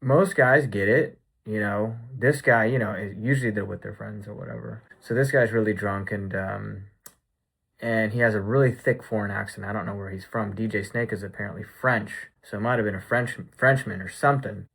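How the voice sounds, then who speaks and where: Guy rambling thru a vlog recap, kinda husky, lowish voice, says like a lot. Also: fairly even intonation, a little fast, fairly bright tone. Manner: rambling, full of "like" and "you know". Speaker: vlogger.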